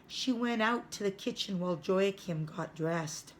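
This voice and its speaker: A woman teacher reading a chapter book aloud to children, careful and clear. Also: medium pitch, slight background noise. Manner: slow, careful read-aloud.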